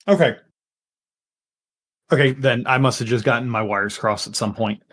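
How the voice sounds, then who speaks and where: A man serves as game master in a tabletop game session, chatting loosely and laughing easily. His voice is medium in pitch and fairly bright, with fairly even intonation and a moderate pace.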